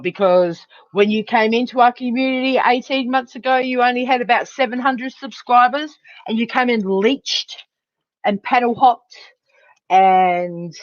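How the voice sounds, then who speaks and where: A woman's voice: medium pitch, no room sound, muffled recording. A woman hosting a livestream, ranting in a heated, profane, emphatic way. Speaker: livestream host. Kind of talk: angry livestream rant.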